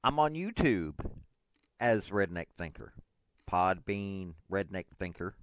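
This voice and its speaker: Man, 40s, podcast host; low, smooth voice, unhurried, self-deprecating rambling. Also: big pitch swings, dry recording. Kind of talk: casual rambling monologue.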